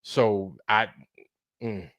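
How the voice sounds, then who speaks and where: A man streaming live, ranting in a heated, profane way, repeating himself and swinging between low mutters and loud outbursts. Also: steady tone, extremely slow, no room sound, studio quality. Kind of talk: heated livestream rant.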